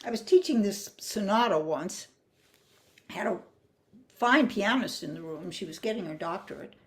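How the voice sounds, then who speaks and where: A woman's voice: mid-range voice, animated, normal speed. An older woman teaching flute phrasing, explaining patiently and singing rhythms and counting beats aloud. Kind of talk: music masterclass.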